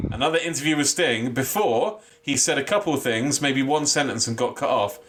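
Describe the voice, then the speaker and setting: A man co-hosting a podcast in casual chat, ranting with animated, sweary exasperation. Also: medium pitch, normal speed, noisy background. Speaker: podcast co-host.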